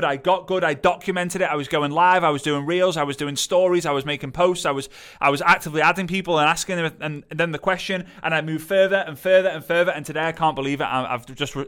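A man voicing an ordinary woman telling her success story in a halting, earnest way. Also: sits low, a bit bright. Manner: halting, earnest testimonial with fillers and restarts.

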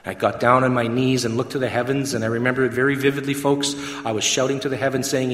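A man's voice: medium pitch, steady tone, quick pace. A man giving an emotional testimony to an audience, acting out the dialogue as a dramatic storyteller. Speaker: gospel mission worker giving testimony. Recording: echoey hall with long reverb.

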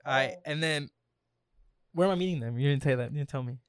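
Fast-talking young man spinning a story. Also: a little high, no echo, studio quality. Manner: animated storyteller, acts out quotes with slang. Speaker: storyteller in a hypothetical scenario game. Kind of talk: casual banter between friends.

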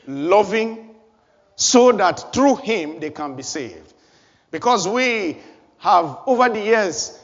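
A man's voice: sits high, in a large hall, muffled recording. A man preaching a sermon as pastor of his church, building emphasis with repeated phrases.

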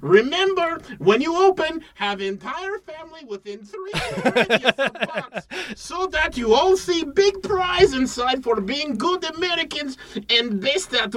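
A man voicing a pushy male pitchman who talks in broken English, in an improv comedy bit. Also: a bit bright, exaggerated voice. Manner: broken English, overblown patriotic sales talk.

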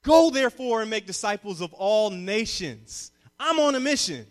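A young man preaching a sermon as a youth pastor, moving from calm teaching to loud call-and-response. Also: high voice, normal speed. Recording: long reverb of a hall.

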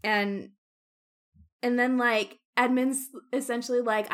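Woman chatting about a book, bright crisp voice, acts out the characters' lines. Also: medium pitch, normal speed. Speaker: book podcast co-host. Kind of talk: casual book discussion.

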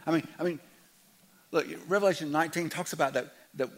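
A man in his fifties preaching a sermon as a pastor, earnest, dropping to a hush and then rising loud, often repeating his words. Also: a little high, quick pace, a little hiss or hum.

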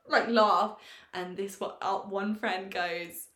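A woman co-hosting a podcast, telling a story in a lively, swearing, self-mocking way. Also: medium pitch, takes it slowly, echoey room. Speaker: podcast co-host. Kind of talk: casual storytelling chat.

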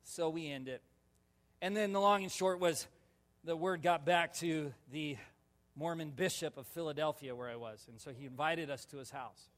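A male pastor telling a personal story in a sermon, animated and laughing, with sudden loud shouts. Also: a little high, moderate pace. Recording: long reverb of a large hall.

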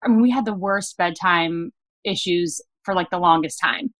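A woman's voice: lowish voice, moderate pace, fairly bright tone, dry recording. A woman in her thirties talks casually over a video call. Her talk rambles and is full of fillers. The sound is dry and close. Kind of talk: casual chat.

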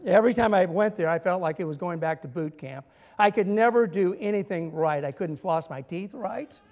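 A man's voice: high voice, normal speed, darkish tone, in a large hall. A male minister preaching a sermon, telling humorous stories and building to emphatic points. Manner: storytelling with humor and dramatic emphasis.

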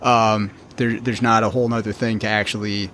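A man's voice: fairly low pitch, flat delivery, fairly quick, a bit bright, a little hiss or hum. A man in a casual chat about auto repair who laughs easily and hesitates with fillers. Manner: chuckling, hesitant, uses fillers.

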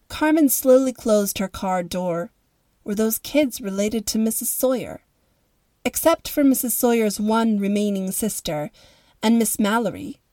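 A woman narrating a story in a calm, even way as the host of a story podcast. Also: medium pitch, no room sound.

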